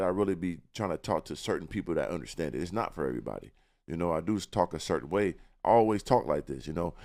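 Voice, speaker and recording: In casual podcast interview talk, a young rapper boasts confidently about himself, full of street slang. His voice sits low with a darkish tone.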